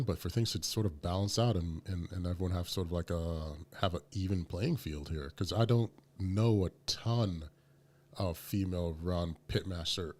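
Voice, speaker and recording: Very deep-voiced man chatting casually. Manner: animated, emphatic storytelling with many fillers. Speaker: podcast co-host. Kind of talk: casual podcast chat.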